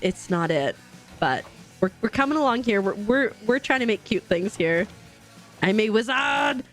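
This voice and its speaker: A woman streaming a game live, chatting casually, laughing often and greeting her chat viewers. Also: medium pitch. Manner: bubbly, giggly, greets chat viewers warmly.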